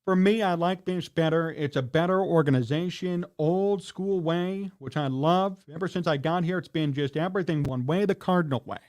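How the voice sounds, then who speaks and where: Fired-up high-voiced man ranting. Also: moderate pace, few pauses, a little mellow. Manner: heated, indignant, scolding. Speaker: sports talk host. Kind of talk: livestream sports rant.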